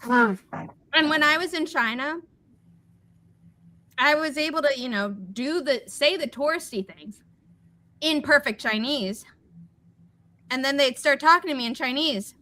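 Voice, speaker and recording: A young woman chats on a livestream in a bright, clear voice that sits a little high. She tells stories with energy and slips into other people's voices when she quotes them. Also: measured pace, pauses often. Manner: animated storyteller, acts out quotes. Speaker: livestream host. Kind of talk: casual chat.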